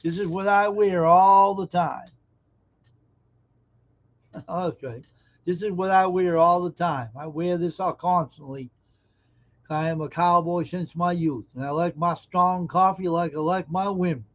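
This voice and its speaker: A man's voice: on the high side, steady tone, moderate pace, a bit bright. Folksy man chatting on a stream. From American South. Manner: folksy, joking, talks straight to chat viewers. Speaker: live stream host. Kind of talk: casual live stream chat, reading viewer comments. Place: indoors at home. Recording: dull lo-fi stream audio.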